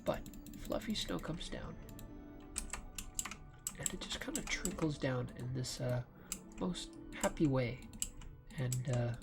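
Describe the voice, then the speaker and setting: A man giving slow, rambling commentary over his gameplay, with lots of fillers. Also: medium pitch, animated, creaky, music in the background. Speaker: let's play gamer. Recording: loud keyboard clicking throughout. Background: keyboard typing and clicks.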